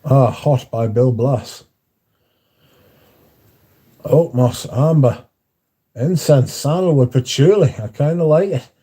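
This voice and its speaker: A man's voice: mid-range voice, takes it slowly, pauses often, mellow, husky. Dry, offhand man. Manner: dry, offhand, reads chat comments aloud and answers briefly. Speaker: livestream host reading chat. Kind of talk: casual chat.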